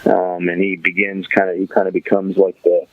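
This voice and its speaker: Deep-voiced man, dull lo-fi sound. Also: monotone, normal speed. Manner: rambling, thinking aloud with many fillers. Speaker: podcast host. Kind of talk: casual recap of a TV episode.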